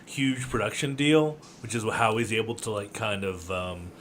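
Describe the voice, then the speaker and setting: A man's voice: fairly low pitch, animated, normal speed, a bit bright. Male podcast co-host, casual, laughs easily, light background noise. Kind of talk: casual chat.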